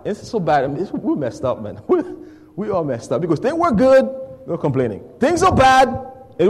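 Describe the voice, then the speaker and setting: A high-voiced, very animated male preacher leads a call-and-response sermon. He throws questions to the congregation and lets them fill in the words. His voice drops soft and then climbs to shouts, with a long reverb trailing behind it in a church hall. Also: brisk, breathy edge.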